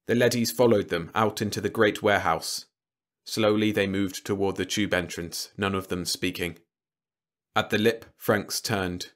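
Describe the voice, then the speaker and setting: A man with a lowish voice narrating an audiobook. His reading is even and steady, in the manner of scripted narration.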